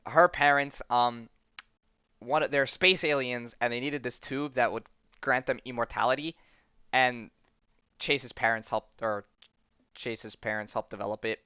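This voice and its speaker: A man's voice: mid-range voice, fairly even intonation, measured pace, pauses often, sharp tone, clean tone, no room sound. A young man hosting a podcast, recapping a comic book in a casual, rambling, enthusiastic way, full of ums, restarts and slang. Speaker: podcast host. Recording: dull lo-fi sound, dry.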